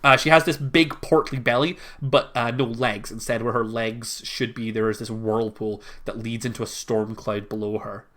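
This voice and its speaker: A woman's voice: rumbling low, fairly even intonation, normal speed, hardly any pauses. A woman narrating a tabletop game as game master, casual and hesitant with frequent fillers.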